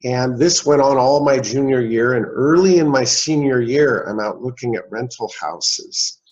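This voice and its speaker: Man in his sixties, animated storyteller. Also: medium pitch, a little slow. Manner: animated storyteller, acts out dialogue. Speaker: guest, real estate investor. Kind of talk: storytelling in an interview. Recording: dull, slightly lo-fi sound.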